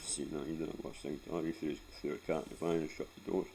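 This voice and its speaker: A man's voice: very deep voice, level tone, quick pace, gravelly, dark tone, slight background noise, rough recording. A Scottish man in his forties telling rambling, sweary stories about his life in a casual vlog, laughing often as he goes. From Scotland. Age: 40s. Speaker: vlogger. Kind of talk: casual storytelling.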